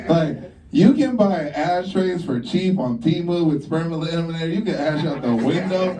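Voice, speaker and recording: A young male stand-up comic on a club stage, talking brash and profane. He has a dark, mellow tone and acts out his stories with sudden high jumps in pitch. He sounds set back from the mic. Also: big pitch swings, normal speed, hardly any pauses, far from the mic. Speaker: stand-up comedian. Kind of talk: stand-up routine.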